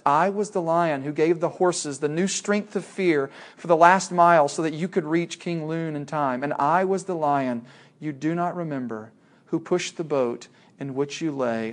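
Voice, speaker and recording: A man reading aloud as a great lion, speaking slowly, gravely and hushed. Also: on the high side, close to an everyday voice. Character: large, calm, majestic male lion speaking.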